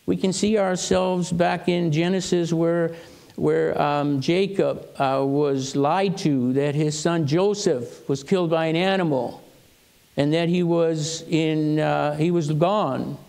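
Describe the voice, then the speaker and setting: An older male pastor preaching in a church, his voice somewhat high for a man and gravelly. He tells stories in a relaxed, conversational way and acts out the people he quotes. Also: takes it slowly. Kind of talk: sermon with personal stories.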